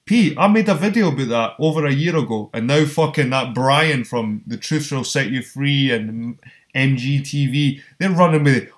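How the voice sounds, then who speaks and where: A man with a Scottish accent, hosting a casual online hangout from his council flat, blunt and sweary, calling people man and mate. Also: mid-range voice, normal speed. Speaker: host. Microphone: video call.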